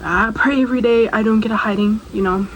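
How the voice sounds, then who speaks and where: A woman's voice: a little high, quick pace, slight background noise, rough recording. Chatty young woman telling a story. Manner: chatty and rambling, with asides to the viewer. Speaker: storytime vlogger. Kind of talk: casual storytime chat.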